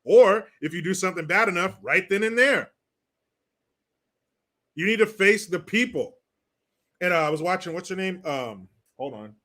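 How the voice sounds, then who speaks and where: A Californian man hosts a livestream, ranting about politics in blunt, profane, mocking language while reading out viewer comments. His voice sits high and sounds expressive and a little bright, moving at normal speed with frequent pauses.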